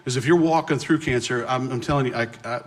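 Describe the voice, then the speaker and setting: Here a middle-aged man speaks as a guest in a sermon, recounting something personal. His mid-range voice carries an animated, self-mocking tone, and he restarts quickly.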